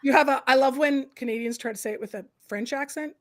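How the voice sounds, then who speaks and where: High-voiced, animated woman hosting a livestream. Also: fast talker. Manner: animated, opinionated, many "like" and "right?". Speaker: host, professor and counsellor. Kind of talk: casual livestream chat.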